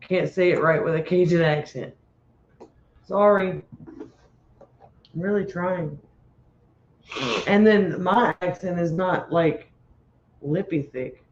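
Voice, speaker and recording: A man's voice: sits high, slow pace, pauses often. A man co-hosting a livestream in easygoing, laugh-filled chat. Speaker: livestream co-host. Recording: roomy, dull home audio with faint noise.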